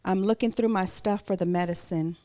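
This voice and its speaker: A woman's voice: medium pitch, steady tone, fairly quick, dark tone. A woman guest telling a personal story in conversation, vividly acting out what others said. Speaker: guest, educator.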